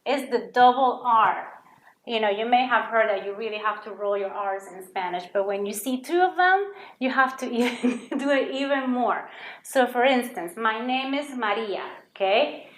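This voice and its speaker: A woman teaching a Spanish lesson to children, explaining letter sounds clearly and patiently. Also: fairly high pitch, normal speed, fairly bright tone. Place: studio classroom. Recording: echoey room.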